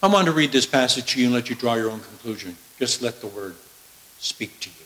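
A male preacher reads scripture and gives an emphatic sermon, swinging from loud declarations to hushed asides. His medium-pitched voice is expressive and a little fast, in a rough recording.

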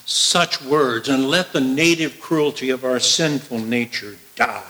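Male preacher, sermon, emphatic, bright, forceful tone, drops to hushed asides. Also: mid-range voice, unhurried, rough recording. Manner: emphatic, swings from loud declarations to hushed asides. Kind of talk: sermon with scripture reading.

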